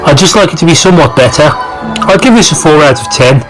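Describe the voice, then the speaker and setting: A man's voice: on the high side, lively intonation, fast, music in the background, poor audio. A young man hosting, reading a creepy internet story aloud with dry, joking asides. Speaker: host reading stories.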